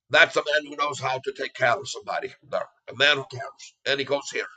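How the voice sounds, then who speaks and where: A man with a bright, forceful voice talks in a put-on Irish accent. He hosts a stock market livestream, rambling in a loose, casual way. His delivery is playful and theatrical, full of chuckling asides. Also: medium pitch, moderate pace, low-quality recording.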